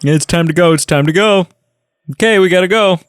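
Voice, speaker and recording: A man's voice: fairly quick, clean tone, no room sound, clean studio sound, lightly acted. A man doing a whiny, nagging young pilot. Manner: nagging, repetitive, high-pitched.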